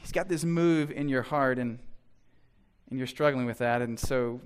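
A man preaching a sermon as pastor, acting out imagined voices and swinging between soft asides and loud, emphatic lines. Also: medium pitch, normal speed, clean tone.

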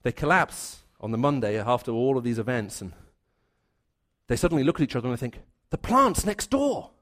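A man preaching a sermon, earnest and building his points through repeated phrases, dropping to a hushed voice for his stories. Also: mid-range voice, fast talker.

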